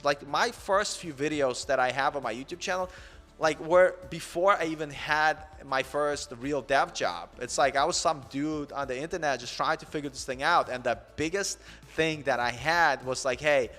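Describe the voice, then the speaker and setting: A man's voice: fairly high pitch, moderate pace, pushed and bright, in a large hall, soft background music. A man in his forties hosting a coding channel in an earnest, rambling live-stream chat, peppered with "man". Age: 40s.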